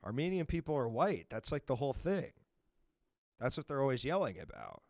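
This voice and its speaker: Animated swearing male call-in host. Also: medium pitch, a little fast, vocal fry, no echo, clean studio sound. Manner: loud, swearing, animated rants. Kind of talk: casual call-in banter.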